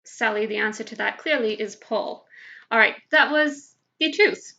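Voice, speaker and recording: A woman's voice: on the high side, moderate pace, gravelly, sharp tone. A woman hosting a live game show from home, chatty and giggly as she tells stories. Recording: dull lo-fi livestream audio.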